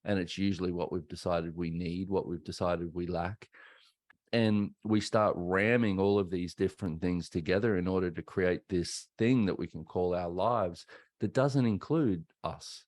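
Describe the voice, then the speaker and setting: Australian male podcast host, thirties, very deep voice, dry studio sound, open and conversational storytelling. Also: steady tone, moderate pace, darkish tone, no echo. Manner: candid, conversational, acts out quoted voices. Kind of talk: reflective personal storytelling.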